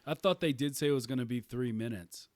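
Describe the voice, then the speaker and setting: A man's voice: medium pitch, quick pace, crowd noise. A man hosting a podcast, chatting casually, rambling and often breaking into laughter. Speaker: podcast host.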